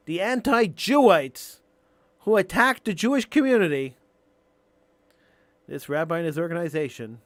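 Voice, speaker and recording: A male radio talk show host delivering an impassioned, emphatic monologue, building to near-shouting on key points. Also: on the high side, no echo.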